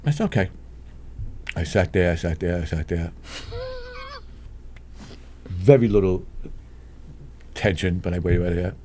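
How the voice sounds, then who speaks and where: A man's voice: deep voice, a little slow, pauses often. An older man, telling street stories as a guest in a casual chat, acting out the voices of the people in them. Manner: animated, acts out voices in his anecdotes, chuckles often. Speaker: guest storyteller. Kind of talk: casual storytelling.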